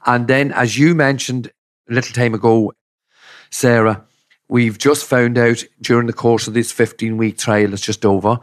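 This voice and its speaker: A man's voice: medium pitch, steady tone, moderate pace. A middle-aged man, a campaigning father telling his case in an interview, emphatic and indignant. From Ireland. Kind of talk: podcast interview.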